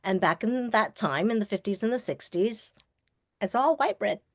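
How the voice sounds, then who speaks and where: A woman in her sixties from Long Island, New York, telling her personal story in a lively way as a guest speaker, often laughing and acting out what people said. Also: medium pitch, normal speed, dry recording, clean studio sound. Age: 60s. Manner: lively, acts out quoted dialogue, laughs often. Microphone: webinar call microphone.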